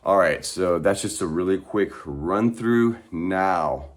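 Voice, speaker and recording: Guy doing a vocal warm up, super slow, really low voice, stretches out every vowel. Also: animated. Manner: drawn-out elongated vowels, deliberately slow delivery.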